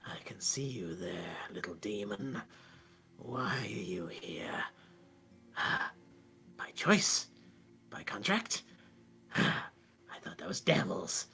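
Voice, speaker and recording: A man voicing an ancient, cruel tentacled sea monster in a hoarse, breathy whisper, slow and taunting. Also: lowish voice, big pitch swings, bright, forceful tone, pitched below the performer's own voice, exaggerated voice. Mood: menacing whisper.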